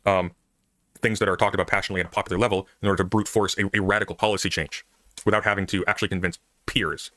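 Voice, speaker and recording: A man's voice: low-pitched, fairly even intonation, rapid-fire, bright, forceful tone, dry recording. A man on an online panel debate, arguing with sweeping claims.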